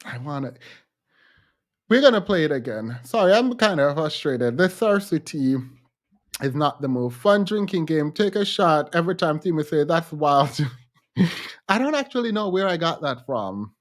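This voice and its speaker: A man hosting a livestream, commenting with animated, incredulous rhetorical questions and repetition. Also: a little high, moderate pace. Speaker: podcast host.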